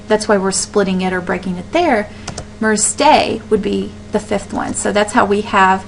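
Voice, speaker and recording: A woman's voice: mid-range voice, a little hiss or hum, low-quality recording. A woman teaching a recorded lecture over slides, explaining step by step, often asking a question and then answering it herself, with frequent ums and restarts.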